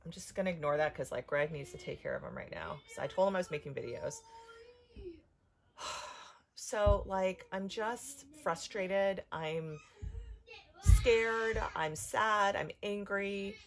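A woman in her thirties talking into her camera at home in an emotional personal vlog, upset and halting, restarting sentences and filling gaps with "like". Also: medium pitch, creaky. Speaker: vlogger.

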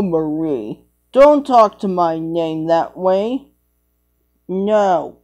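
A woman's voice: lowish voice, slow pace, warm tone, highs cut off. A woman rambling through improvised toy play, jumping between made-up character voices.

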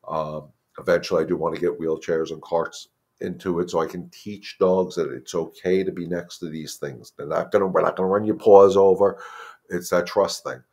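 A man's voice: low-pitched, steady tone, normal speed, a little mellow. A man, the head dog trainer, giving plain-spoken, emphatic advice in a casual live Q&A and often repeating words as he thinks.

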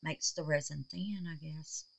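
In her home art room, a woman who runs a resin art channel chats casually with viewers during a crafting vlog, calling them baby and darling. Her voice sits low with fairly even intonation, a little slow and creaky. The recording is rough.

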